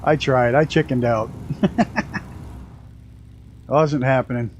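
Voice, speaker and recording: A man's voice: mid-range voice, slow, dull audio, slight background noise. A man live-streaming a flight simulator with a mixed New York and Canadian accent touched with Southern US, laughing often and speech hampered by a damaged tooth. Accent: mixed New York and Canadian with a hint of Southern US. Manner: laughs often, excitable exclamations. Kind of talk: live flight-sim game commentary.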